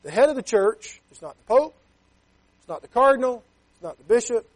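A man's voice: very high voice, lively intonation, fairly quick. A man preaching a sermon as a pastor. He talks emphatically, keeps checking with "Okay?", and reads scripture in King James wording.

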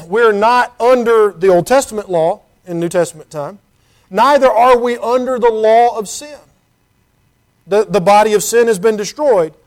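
High-voiced man preaching a sermon. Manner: earnest, conversational, with rhetorical questions; reads scripture in King James wording.

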